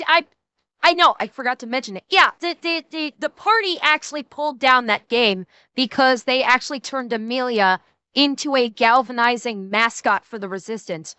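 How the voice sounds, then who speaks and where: A woman streamer in casual, animated chat, rambling and profane, correcting herself often. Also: sits high, smooth, no room sound.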